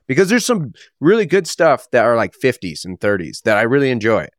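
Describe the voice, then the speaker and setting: A man co-hosting a podcast in casual chat, rambling and correcting himself as he gets excited. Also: mid-range voice, brisk, dry recording, clean studio sound. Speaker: podcast co-host.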